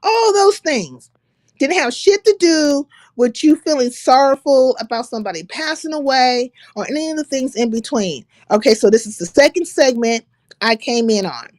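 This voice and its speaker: A woman's voice: high-pitched, lively intonation, moderate pace, dry recording. A woman hosting a livestream, casually reading out another creator's words and rebutting them with blunt, profane sarcasm. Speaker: livestream host.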